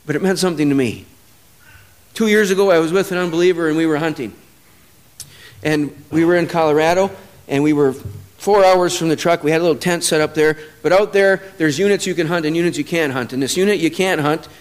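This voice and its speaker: A man with a high voice preaching a sermon. He tells stories from his own life, dropping low and quiet, then building to loud, emphatic peaks. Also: a little fast.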